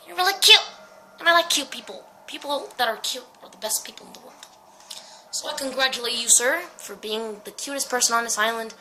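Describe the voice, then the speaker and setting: Woman, high voice, bright tone, scared rambling let's-play commentary, curses a lot. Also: a little fast, slight background noise, rough recording. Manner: jumpy, swearing, talks to herself. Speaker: horror game player.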